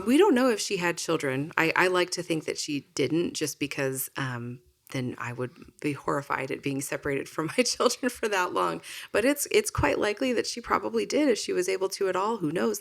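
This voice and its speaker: Female podcast co-host, low voice with a gravelly fry, reflective and thinking aloud. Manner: reflective, thinks aloud with hedges and soft laughs. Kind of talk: casual conversational chat.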